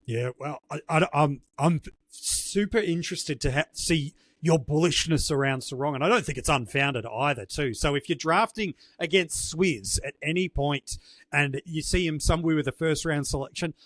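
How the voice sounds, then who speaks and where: An Australian man hosts a podcast in an upbeat, chatty voice that sits a little high. He runs through plugs and thank-yous with easy patter. The sound is dry. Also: normal speed, fairly bright tone, no room sound. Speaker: podcast host. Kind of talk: podcast hosting.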